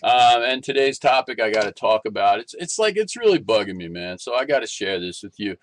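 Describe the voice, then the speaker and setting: A man ranting in a casual vlog, animated and rambling, with restarts and exasperated complaints. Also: lowish voice, a little fast. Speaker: vlogger.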